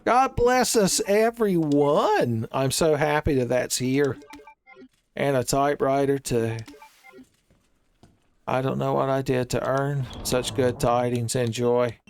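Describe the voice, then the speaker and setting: A man's voice: medium pitch, flat delivery, a little slow, long pauses, darkish tone, soft background music. A man giving rambling, joking commentary while he plays a video game, peppering his talk with "son" and bits of silly wordplay. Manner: rambling jokey riffing, calls viewers "son". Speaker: gaming streamer.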